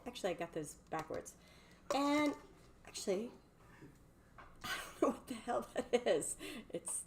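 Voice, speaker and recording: A woman's voice: fairly high pitch, lively intonation, a little slow, pauses often, a little hiss or hum. A bubbly, chatty woman hosts a live cooking stream from her home kitchen and talks to her viewers. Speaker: cooking livestream host.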